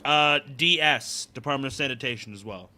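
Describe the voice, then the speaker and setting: Very bright-voiced man making playful quips. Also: medium pitch, a little fast. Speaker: podcast guest. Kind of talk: casual podcast chat.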